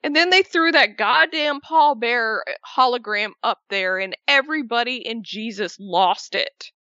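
Gushing, animated woman fan. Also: fairly high pitch, measured pace, no room sound. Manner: emotional, animated, swearing. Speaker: wrestling podcast co-host. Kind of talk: casual fan chat. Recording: dull lo-fi sound.

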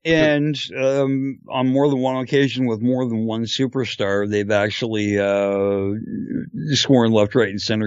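A man's voice: medium pitch, fairly even intonation, a little slow, clean tone, no room sound, highs cut off. A man co-hosting a casual podcast chat, hesitant and wry, chuckling at his own jokes. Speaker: podcast co-host.

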